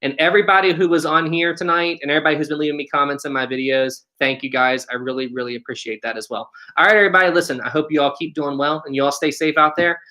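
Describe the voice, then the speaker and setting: A young man with a West Virginian accent chats easily on a live stream, reading questions from his viewers aloud. His voice is bright and open, and he keeps saying things are "really, really" cool. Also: fairly high pitch, fairly even intonation, fast talker, few pauses. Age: 20s. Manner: friendly, repeats "really, really". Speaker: channel host.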